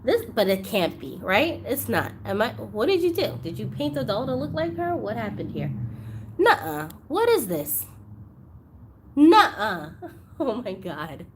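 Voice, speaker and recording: A woman hosting a doll collecting vlog, chatting casually and gushing excitedly over gifts, at times near tears. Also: on the high side, normal speed, slight background noise. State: emotional, close to tears. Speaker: doll collector channel host. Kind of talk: unboxing vlog chat.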